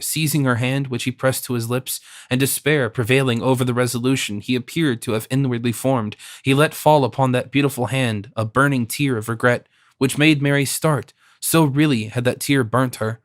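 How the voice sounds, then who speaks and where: Narrating an audiobook of a classic novel, a medium-pitched male voice gives a measured, expressive reading. It's a dry, studio-quality recording.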